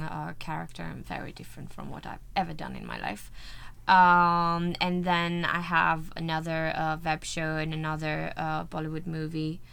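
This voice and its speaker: A woman with a European accent talks in a fairly low voice. She chats as an actress in an interview, gushing and sprinkling her talk with "like" and "you know". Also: vocal fry, fairly bright tone, clean tone. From Sweden. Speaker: actress guest. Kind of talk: casual interview chat.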